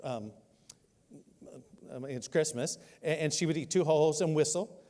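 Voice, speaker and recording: A man in his sixties preaching a sermon, telling a funny story with self-mocking humor and animated delivery. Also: on the high side, normal speed. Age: 60s. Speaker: pastor. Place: church sanctuary. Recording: long hall reverb.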